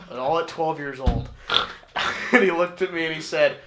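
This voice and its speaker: A man co-hosting a podcast, telling a story in casual chat, animated and swearing freely. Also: fairly high pitch, moderate pace, noisy background. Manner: animated, swearing, laughing through his story. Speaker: podcast co-host.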